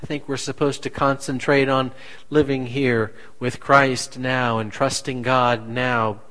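A man preaching a sermon as pastor, slow and deliberate, asking the congregation rhetorical questions. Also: mid-range voice, little pitch movement, pushed and bright, poor audio.

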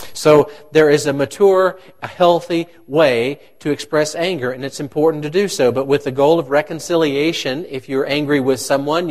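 A man, a pastor, preaching a conversational sermon and asking his congregation questions. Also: mid-range voice.

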